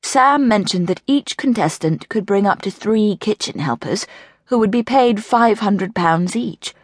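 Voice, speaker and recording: A woman voicing a sulky grown man king who moans slowly and gloomily. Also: medium pitch, animated, slightly rough, dry recording, clean studio sound. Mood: moaning. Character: moaning, self-pitying grown man king.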